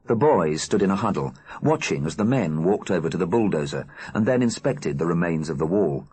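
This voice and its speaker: A man reading an audiobook aloud in an expressive, animated narrating style. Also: sits low, fairly quick, few pauses, slightly rough. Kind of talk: scripted narration.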